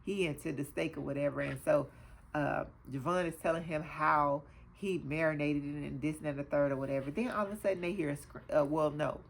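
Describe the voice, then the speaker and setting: A woman with a lowish voice talks through a TV episode like she's catching up a friend. Her delivery is loose and animated, full of asides and fillers. A faint hiss sits under the voice. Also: a little fast, gravelly. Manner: chatty, animated retelling with many fillers. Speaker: TV show reviewer, host. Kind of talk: casual episode recap.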